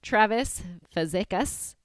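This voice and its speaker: A woman's voice: mid-range voice, expressive, takes it slowly, smooth, dry recording, studio quality. A woman co-hosting a casual movie podcast, chatty and giggly as she reads listener picks. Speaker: podcast co-host.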